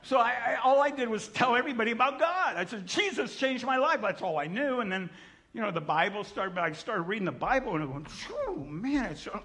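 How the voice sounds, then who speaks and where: A middle-aged man preaching, telling his testimony in an animated storytelling manner, acting out voices and sometimes shouting. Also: extremely high pitch, fairly quick. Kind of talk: sermon testimony.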